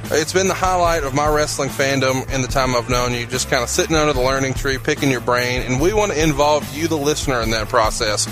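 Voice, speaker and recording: A man's voice: medium pitch, a little fast, hardly any pauses, over music, poor audio. Upbeat man hosting a podcast. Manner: upbeat, promotional, steers the talk. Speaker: podcast host.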